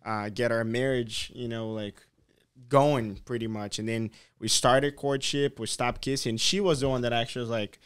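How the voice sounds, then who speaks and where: A man in a casual podcast chat, telling a personal story in a relaxed, hesitant way. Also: medium pitch, moderate pace, smooth. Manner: relaxed, hesitant, many fillers and restarts. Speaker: podcast host.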